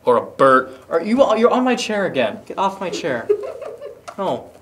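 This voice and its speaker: A man commentating his gameplay with a bright, highish voice that swoops up and down in pitch. He bursts into loud, playful exclamations and goofy asides, keeping a lively, excitable energy throughout. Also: normal speed. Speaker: gaming host. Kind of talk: gaming commentary.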